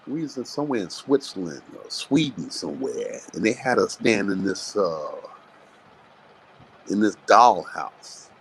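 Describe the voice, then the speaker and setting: A man, a boxing trainer, telling blunt, animated stories with plenty of swearing in a live interview. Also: low voice, measured pace, slight background noise, low-quality recording. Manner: animated, blunt, profane storytelling.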